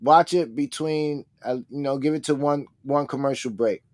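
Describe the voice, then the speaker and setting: A laid-back man co-hosting a live talk stream, with a medium-pitched voice. He speaks in an easygoing way, full of casual slang. The sound is dry and close. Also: moderate pace, a little mellow, no room sound. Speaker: co-host.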